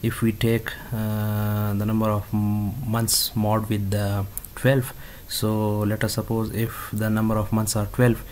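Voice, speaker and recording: A man talks through a coding lesson at a slow, unhurried pace, stopping often on fillers and restarting his phrases. His voice sits fairly low and stays level, with little rise and fall. A faint hiss and keyboard clicks run behind him. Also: flat delivery, darkish tone. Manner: halting, many fillers and restarts. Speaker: instructor. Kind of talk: screen-recorded coding tutorial.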